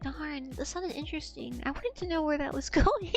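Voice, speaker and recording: High-voiced rambling young woman streamer. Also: normal speed, music in the background. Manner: rambling, profane, loses her train of thought; laughs often. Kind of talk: casual chat stream.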